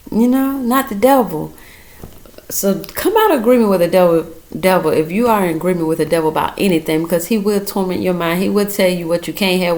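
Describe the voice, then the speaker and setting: A woman talking casually and earnestly to her viewers about her faith, emotional and close to tears as she encourages them. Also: on the low side. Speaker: mother giving a testimony. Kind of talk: casual faith testimony vlog.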